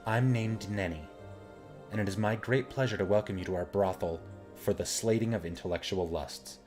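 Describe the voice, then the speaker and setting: A man voicing a sweet, timid young woman who talks gently and apologetically while reading game dialogue. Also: fairly low pitch, normal speed, faint music behind, natural voice. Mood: curious.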